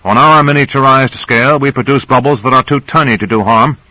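A man's voice: mid-range voice, brisk, bright, forceful tone, no room sound, pitched above the performer's own voice, natural voice, poor audio. A man reading a novel aloud, voicing a devout male surgeon who lectures earnestly.

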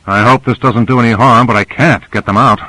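A man's voice: mid-range voice, steady tone, brisk, pushed and bright, no echo, close to an everyday voice, low-quality recording. A man plays a tough, irritable male agent who speaks bluntly and curtly. The voice is dry and close, read as part of an audiobook.

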